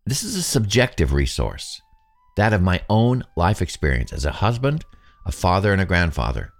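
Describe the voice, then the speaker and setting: A man in his sixties hosts a reflective solo podcast, thinking aloud in a casual, self-deprecating way. His voice sits very low but moves through a wide, lively range. Faint music plays behind him. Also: moderate pace. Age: 60s. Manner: musing, conversational, self-deprecating. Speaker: podcast host.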